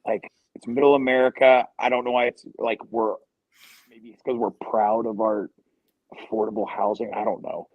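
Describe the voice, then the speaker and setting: A man's voice: fairly low pitch, level tone, moderate pace, slightly rough, no echo, narrow, tinny audio. A man in his thirties from Ohio, talking as a podcast guest in a rambling, profane, joking way. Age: 30s. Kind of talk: casual podcast chat.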